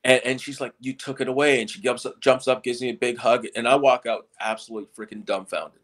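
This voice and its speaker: A middle-aged man with a mid-pitched voice tells stories from his stage career in a relaxed interview. He trips over his words, restarting and repeating them as he goes, and keeps talking in long run-on stretches. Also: quick pace. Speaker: stage hypnotist guest. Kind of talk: casual storytelling interview.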